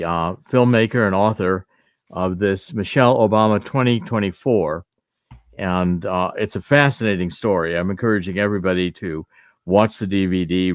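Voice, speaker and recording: A man hosting an interview, prompting his guest in a relaxed way. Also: low voice, clear, resonant tone, no echo, clean studio sound. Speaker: interview host. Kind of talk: interview chat.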